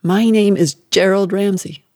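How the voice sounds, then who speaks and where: A man voicing a cruel, angry mother who barks harsh commands in a loud, raised voice. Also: sits high, unhurried, no echo, clean studio sound. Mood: harsh commanding.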